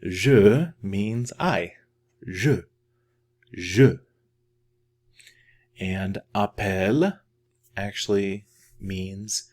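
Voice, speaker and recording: A man teaching a beginner French lesson in a casual, patient way, often repeating words slowly to model how they sound. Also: deep voice, a little mellow. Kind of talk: casual video language lesson.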